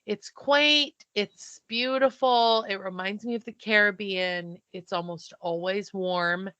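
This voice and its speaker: A woman co-hosting a podcast, telling a story in a casual, animated way and acting out the dialogue. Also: mid-range voice, takes it slowly, no echo, muffled recording. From not from the South. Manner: animated, breathless retelling with quoted dialogue. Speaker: podcast co-host.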